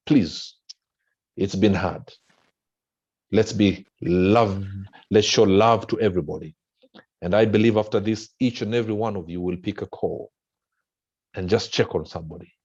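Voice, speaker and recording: An impassioned Kenyan man with a low voice, speaking to an audience like a preacher with big swings in pitch. The recording sounds dull and lo-fi. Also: mellow, breathy edge. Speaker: motivational speaker. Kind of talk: motivational speech to an audience.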